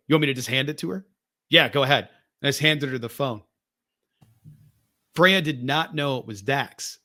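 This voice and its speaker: Male podcast co-host, bright tone, animated storyteller. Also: mid-range voice. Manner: animated, acts out quoted voices. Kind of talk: casual storytelling.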